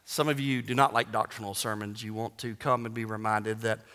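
In a large hall whose long reverb makes his voice ring out, a male pastor preaches emphatically with a bright, forceful sound, breaking into joking asides. His pitch is fairly low, his delivery flat and brisk.

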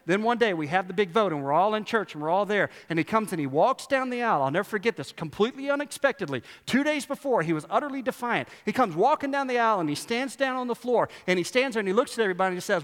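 A man preaching a sermon as a pastor, animated and emphatic, repeating lines and firing rhetorical questions. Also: high voice, quick pace, few pauses. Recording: long hall reverb.

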